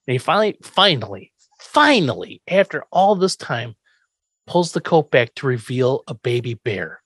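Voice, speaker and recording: Man, podcast host, lively pitch, dry close sound, profane, animated. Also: moderate pace, slightly rough, no room sound. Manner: animated, profane, acts out characters. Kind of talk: casual chat recapping an episode.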